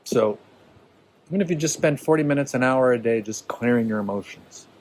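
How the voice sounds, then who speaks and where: A man's voice: medium pitch, fairly quick, a little mellow, poor audio. Male workshop leader, mid-range voice, casual and encouraging, keeps asking "right?". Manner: conversational, checks in with listeners. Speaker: teacher leading a workshop. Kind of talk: informal teaching talk to a small group.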